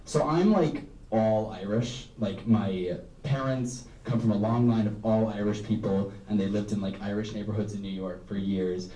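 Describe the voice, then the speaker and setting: A young adult student comic does a stand-up set in a live comedy room, speaking in a fairly low, mellow, steady voice at a moderate pace with few pauses. He rambles and mocks himself, full of "um" and "like." The recording sounds roomy and distant, with a little hiss or hum.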